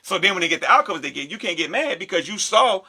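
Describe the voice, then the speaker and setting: A man with a fairly high, bright voice and a gravelly, fry-laden edge chats casually on a podcast. He tells things animatedly, jumping into the voices of the people he describes. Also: quick pace. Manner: animated, acts out quoted voices. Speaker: podcast co-host.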